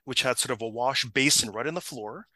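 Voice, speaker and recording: A middle-aged man casually telling a long funny story, animated and laughing, acting out the people in it. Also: mid-range voice, fairly quick, no echo. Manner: animated, laughing, acts out the people in his stories.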